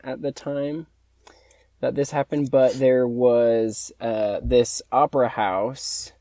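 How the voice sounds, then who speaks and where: A man co-hosting a podcast, talking in a tentative, unhurried way. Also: mid-range voice, steady tone, mellow, no echo, clean studio sound. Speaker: podcast co-host. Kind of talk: casual podcast chat.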